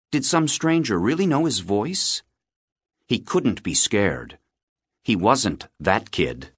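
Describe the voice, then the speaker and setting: Deep voiced guy reading a kids' audiobook, slow and expressive, dry close mic. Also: no room sound. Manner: measured, expressive storytelling. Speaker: audiobook narrator. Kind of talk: scripted audiobook narration. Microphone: close studio mic.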